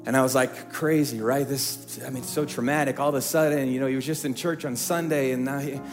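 A middle-aged male pastor preaching a sermon from a church stage, telling a story in hushed tones and rising into emphatic preaching. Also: medium pitch, steady tone, fairly quick, faint music behind.

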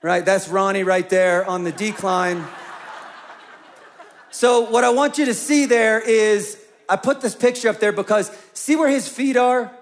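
A man's voice: high voice, unhurried. A male pastor preaching a conversational sermon, acting out voices in his storytelling. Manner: conversational, acts out quoted voices.

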